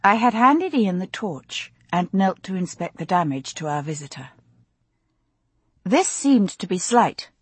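A woman narrating a novel in the first person, with expressive, dramatic storytelling. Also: lowish voice, unhurried, husky, no room sound. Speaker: audiobook narrator.

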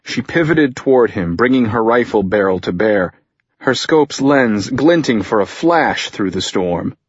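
A low, husky male voice reads an action story with slow, deliberate weight, each line measured and dramatic. The recording is dry and close, with a somewhat dull, lo-fi sound. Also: expressive, no room sound. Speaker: audiobook narrator. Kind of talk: scripted narration.

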